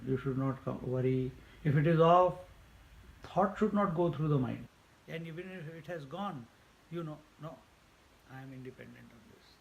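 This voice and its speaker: A man's voice: on the high side, gravelly, dull audio, slight background noise. A man teaching a spiritual discourse, emphatic and repetitive, laughing at his own jokes. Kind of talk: Vedanta discourse.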